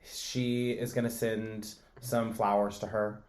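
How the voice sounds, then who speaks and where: A man co-hosting a podcast, recapping a TV drama in relaxed chat, chiming in and laughing along. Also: on the low side, slow. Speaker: podcast co-host.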